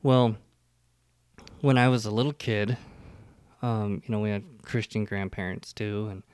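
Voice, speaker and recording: A man's voice: on the low side, fairly even intonation, measured pace, a little mellow, clean tone, dry recording. A man on a podcast telling a long joke and then his church upbringing, rambling with fillers and restarts. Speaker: podcast co-host telling his faith story. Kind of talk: casual conversational storytelling.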